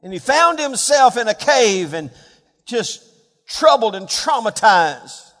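High-voiced preaching man, big reverberant hall. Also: big pitch swings, slow. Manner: dynamic preaching, dropping to hushed tones and rising for emphasis. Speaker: pastor. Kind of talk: sermon.

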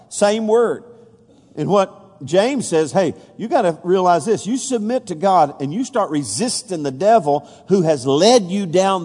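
Male pastor, slightly high voice, folksy sermon, fillers and restarts, emphatic on scripture. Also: darkish tone, husky. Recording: long reverb of a large hall.

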